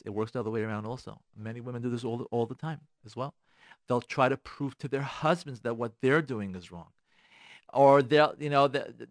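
A man's voice: mid-range voice, a bit bright, no room sound, studio quality. A man giving marriage advice on a radio talk show, preaching with rhetorical questions and repetition. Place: radio studio.

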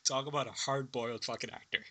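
Guy on a movie podcast, bright punchy voice, laughs a lot, swears casually, talks excited. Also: mid-range voice, brisk. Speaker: podcast co-host. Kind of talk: casual film podcast chat.

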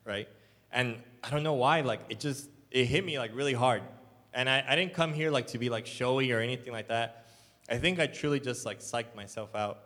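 A man's voice: medium pitch, fairly quick, fairly bright tone. A young adult man, a church elder, preaching a sermon in a loose, casual storytelling way full of "like"s. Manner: casual, filler-heavy storytelling with many "like"s. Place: church hall. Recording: long hall reverb.

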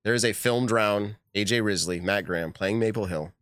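Animated laughing podcast host, a man. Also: fairly low pitch, moderate pace, no room sound, studio quality. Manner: animated, laughs often, reads texts aloud. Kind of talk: casual live podcast chat.

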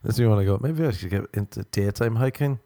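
Young male podcast host, meandering jokey monologue, low and mellow. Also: quick pace, creaky, no room sound. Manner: self-mocking, meandering, swears casually. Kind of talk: rambling comedic monologue.

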